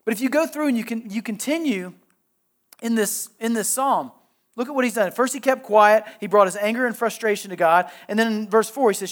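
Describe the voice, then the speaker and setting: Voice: medium pitch, a little fast. A pastor preaching a sermon in a conversational way, asking the listeners direct questions and often restarting and repeating phrases.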